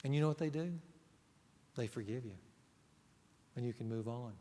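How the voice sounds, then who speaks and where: A man's voice: mid-range voice, normal speed, mellow. A middle-aged male pastor preaching a sermon, earnest and emphatic, putting rhetorical questions to the congregation. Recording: long hall reverb.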